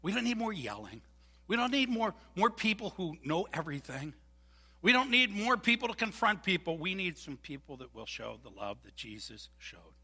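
A man preaching a sermon as pastor, animated and joking, acting out voices. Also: on the high side, vocal fry, slightly rough, in a large hall. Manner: animated, jokey, acts out voices. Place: church.

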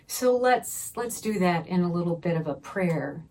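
A middle-aged woman pastor, teaching a Bible study gently and unhurriedly and leading softly spoken prayer. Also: fairly low pitch, slow, slight background noise.

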